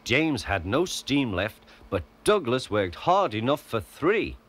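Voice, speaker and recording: A man voicing a kind, steady older male engine who speaks gently and deliberately. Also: medium pitch, full character voice. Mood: earnest.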